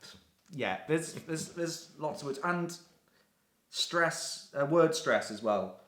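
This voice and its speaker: A man chatting casually as an interviewee, playful and animated as he acts out little exchanges. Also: a little high, slow pace, reverberant. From United Kingdom. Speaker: interviewee, expat writer. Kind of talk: casual chat.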